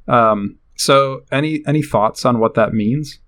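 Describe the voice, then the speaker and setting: A man's voice: medium pitch, unhurried, fairly bright tone. A man co-hosting a casual podcast, hesitant and filling his talk with likes and ums. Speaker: podcast co-host.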